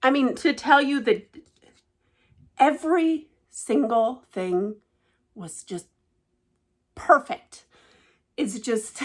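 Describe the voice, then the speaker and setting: A woman vlogging casually about cross-stitch gifts, gushing and emotional, often dropping to a hushed, delighted voice. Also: high-pitched, animated, slow, pauses often. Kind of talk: casual show-and-tell vlog.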